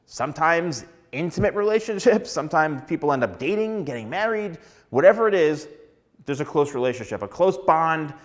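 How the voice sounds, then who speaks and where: Chatty man with a slightly high voice. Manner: chatty, animated, acts out little dialogues. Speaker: hairstylist giving advice. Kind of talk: casual talking-to-camera advice.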